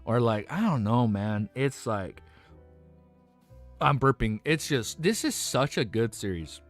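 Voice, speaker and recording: A young man streaming live and chatting casually with his viewers. He rambles excitedly, swears, laughs often and says he is overwhelmed and lightheaded. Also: mid-range voice, measured pace, faint music behind. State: overexcited and lightheaded. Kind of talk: excited casual livestream chat.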